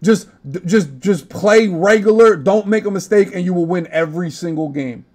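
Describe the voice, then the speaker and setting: Young man, podcast host, casual gaming chat, brash and profane, slightly high voice. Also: moderate pace, a little mellow. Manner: brash, profane trash talk.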